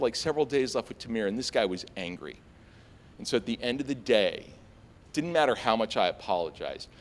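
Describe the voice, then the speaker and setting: An American man telling a story on stage before a live audience, animated and self-mocking, full of fillers and restarts. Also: on the high side. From United States.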